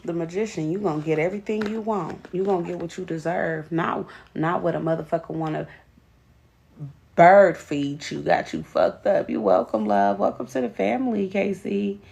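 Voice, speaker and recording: A woman's voice: fairly low pitch, moderate pace, vocal fry, a little mellow. A woman giving a live tarot reading, blunt and profane, greeting viewers by name. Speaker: tarot reader.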